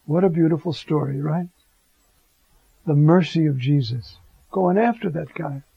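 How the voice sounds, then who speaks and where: A man's voice: fairly high pitch, a little slow, creaky, slightly rough, dry recording. A man preaching a conversational homily, animatedly acting out the scene he tells. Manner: animated, acts out the Gospel scene in voices. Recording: dull, lo-fi recording.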